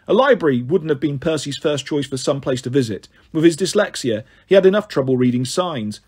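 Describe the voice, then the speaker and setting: A man narrating an audiobook in a steady reading voice, now and then stumbling on a word. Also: on the high side, brisk, husky. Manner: steady, occasionally stumbles on words.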